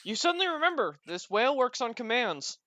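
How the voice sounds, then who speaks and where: Bright-voiced man running a tabletop game. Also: very high voice, very animated, a little fast, no room sound. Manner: playful banter with players. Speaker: game master. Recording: dull lo-fi recording.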